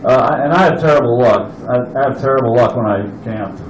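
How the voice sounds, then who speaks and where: A man's voice: medium pitch, a little fast, reverberant, slight background noise, rough recording. A man doing open mic stand-up, telling a rambling, profane camping story. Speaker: stand-up comedian.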